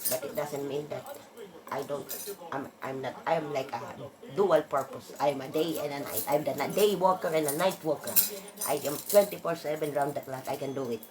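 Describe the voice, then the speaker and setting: A woman's voice: sits low, normal speed, crowd noise. A woman in a casual monologue, blunt and emphatic, swearing freely as she rants. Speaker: vlogger.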